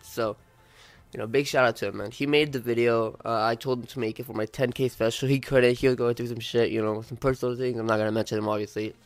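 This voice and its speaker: A man's voice: medium pitch, fast talker, dry recording. A young man with a cold, casually commentating a racing game and cursing at his rivals and his phone. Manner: swearing, animated outbursts at the game. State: sick, congested. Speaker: gaming YouTuber. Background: faint background music.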